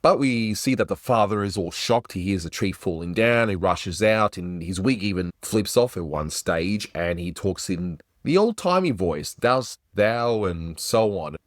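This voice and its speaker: A man's voice: sits low, animated, normal speed, hardly any pauses, over music. An Australian man hosting a casual, chatty cartoon review, conversational and self-deprecating. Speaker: host.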